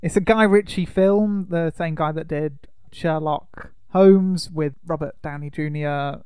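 A man hosting a casual film podcast, teasing his co-host in a dry, deadpan way. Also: a little high, unhurried, smooth, no room sound.

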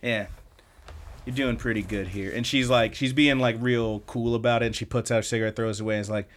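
A man's voice: medium pitch, level tone, fast. A man hosting a podcast, recapping episodes in a loose, chatty way and swearing casually. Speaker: podcast host.

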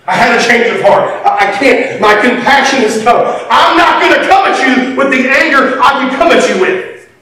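A man preaching a sermon, animated, swinging from quiet to shouting and laughing between lines. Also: very high voice, normal speed. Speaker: pastor. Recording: echoey hall from far off, faint background noise.

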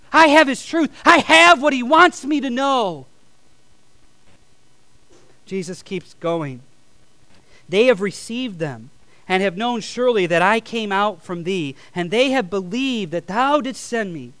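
A man's voice: sits high, fairly bright tone, smooth, no room sound. A male pastor preaching a sermon, reading scripture aloud and leading the congregation in call-and-response with emphatic peaks.

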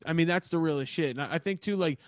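Laid-back swearing host, dry sound. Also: male voice, fairly high pitch, fast, no echo. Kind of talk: casual podcast chat.

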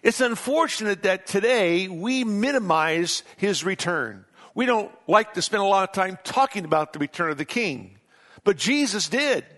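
A man's voice: high-pitched, expressive, fairly bright tone. Emphatic man preaching a sermon. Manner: emphatic preaching, reads scripture aloud with slowed stresses. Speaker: pastor.

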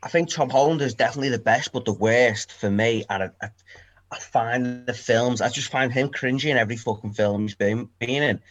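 Scouse lad co-host, sweary and fired up, ordinary pitch. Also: male voice, a little fast. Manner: animated, sweary, excitable storytelling. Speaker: podcast co-host. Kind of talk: casual chat.

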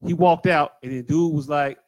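Laid-back man, fairly high voice. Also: fairly even intonation, moderate pace, no room sound. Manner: laid-back, repeats "hey, look" to cut in. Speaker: podcast co-host. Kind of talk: casual chat.

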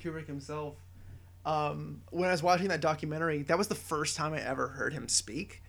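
A man's voice: on the high side, brisk, vocal fry, fairly bright tone. A man co-hosting a podcast in casual chat, rambling loosely and laughing often. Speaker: podcast co-host.

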